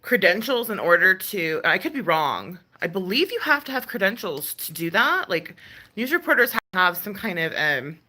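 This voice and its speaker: A woman's voice: mid-range voice, big pitch swings, normal speed, pushed and bright. A woman ranting casually on a stream, exasperated and full of sighs, fillers and swearing. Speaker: ASMR creator ranting on a live stream. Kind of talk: casual rant.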